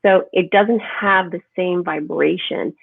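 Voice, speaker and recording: A woman speaking as a holistic health guest in an animated, emphatic conversational interview, often asking "right?". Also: lowish voice, takes it slowly, vocal fry, breathy edge, no room sound. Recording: tinny phone-like line, dry.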